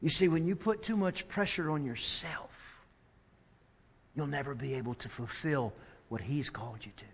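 A man preaching a sermon in a church, swinging from hushed, slow lines to loud, emphatic ones. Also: mid-range voice, vocal fry, breathy edge. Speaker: pastor. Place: church sanctuary. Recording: church hall with long reverb.

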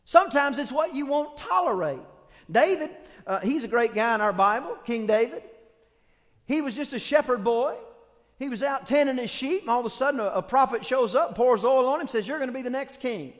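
A male pastor preaching a sermon, telling stories with lively acted-out quotes. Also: extremely high pitch, moderate pace. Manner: animated storytelling with acted quotes. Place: church. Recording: long hall reverb.

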